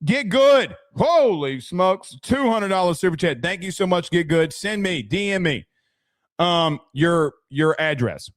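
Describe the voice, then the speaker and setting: A man's voice: a little high, lively intonation, measured pace, fairly bright tone, no room sound, studio quality. A young man hosting a casual sports talk stream, chatty, thanking viewers and often restarting his sentences. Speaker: sports podcast host.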